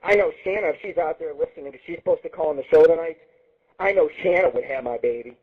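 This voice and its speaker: A man's voice: fairly high pitch, fast, husky, phone-quality sound. A man hosting his own internet radio show, ranting crudely and boasting in a taunting, profane monologue. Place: Las Vegas.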